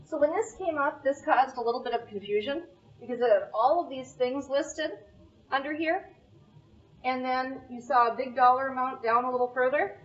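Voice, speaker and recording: A woman with a fairly high voice walks the board through a planning document on a screen, explaining it point by point. She is picked up from across a meeting room, and the recording sounds muffled and dull. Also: distant mic. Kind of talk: meeting presentation.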